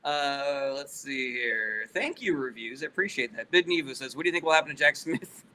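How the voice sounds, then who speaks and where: Bright-voiced male comedian chatting loosely. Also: medium pitch, animated, normal speed, a little hiss or hum, poor audio. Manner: loose, profane, reads chat questions aloud. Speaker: comedian answering live chat questions. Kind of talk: casual livestream chat.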